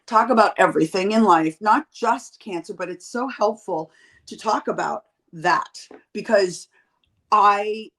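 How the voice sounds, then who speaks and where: A woman's voice: mid-range voice, a little slow, low-quality recording. Blunt, profane woman telling stories. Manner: blunt, profane, animated storyteller. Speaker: podcast guest. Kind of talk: candid casual chat.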